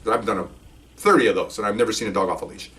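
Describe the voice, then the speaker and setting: Older retired cop storyteller, rapid and animated, recorded a bit away from the mic. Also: male voice, lowish voice, distant mic. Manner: animated, laughs while telling, acts out voices. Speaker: retired police officer. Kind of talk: casual storytelling.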